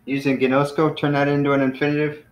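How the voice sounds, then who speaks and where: A man teaching a class in a relaxed, casual way, with many fillers and self-corrections. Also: fairly high pitch, quick pace. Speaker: Greek teacher. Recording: roomy, dull lo-fi classroom recording.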